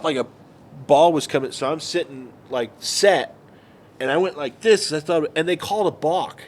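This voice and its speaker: A man chatting casually as a podcast co-host, working through long stories at an easy pace. His voice sits in the middle range, and he gets animated when he acts out other people. A faint low rumble runs under the recording. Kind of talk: casual chat.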